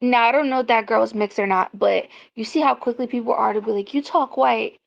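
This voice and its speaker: Gravelly-voiced woman ranting. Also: on the high side, steady tone, brisk. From South Carolina, US. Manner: opinionated, ranting. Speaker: commentary vlogger. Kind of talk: casual commentary. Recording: dull lo-fi recording.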